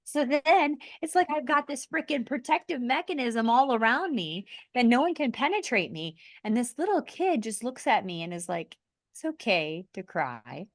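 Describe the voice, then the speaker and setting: Woman, higher-pitched, heartfelt and earnest in conversation, close dry mic. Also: expressive, moderate pace, few pauses, no room sound. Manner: earnest, heartfelt spiritual talk with restarts. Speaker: podcast host. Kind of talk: conversational podcast sharing.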